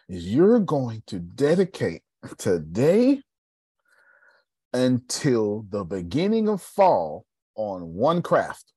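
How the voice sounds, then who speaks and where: A man's voice: mid-range voice, mellow, husky, no room sound, clean studio sound. A man from Texas leading a group call, telling stories and preaching motivation with strong emphasis. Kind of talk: motivational talk.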